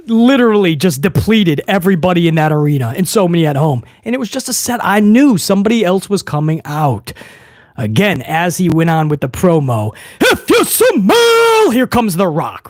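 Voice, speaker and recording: A high-voiced man talks through a wrestling show recap, his pitch swinging up and down as he gets worked up. He is sarcastic, swears casually and trips over restarts, close on a dry microphone. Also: lively intonation, moderate pace, darkish tone, no room sound. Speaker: wrestling commentary vlogger.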